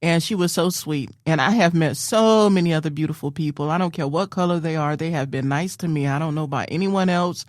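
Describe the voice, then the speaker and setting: A woman's voice: sits low, brisk, few pauses, a little mellow, no echo, clean studio sound. A middle-aged woman hosting a radio show, talking casually and emphatically, often repeating herself like a preacher. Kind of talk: casual spoken monologue.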